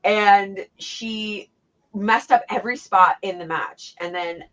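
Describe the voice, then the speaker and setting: A woman's voice: medium pitch, slow pace. Blunt, profane woman, lo-fi sound. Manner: blunt, profane, animated storytelling. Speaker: interview guest, former wrestler. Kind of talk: casual chat. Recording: dull lo-fi sound.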